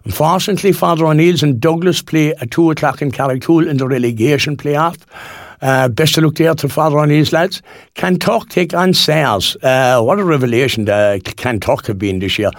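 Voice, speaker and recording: Gravelly Cork man on local radio. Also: fairly high pitch, moderate pace, no room sound, studio quality. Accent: Cork Irish. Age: 60s. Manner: rambling and folksy, with many fillers and restarts. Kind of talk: chatty local radio presenting.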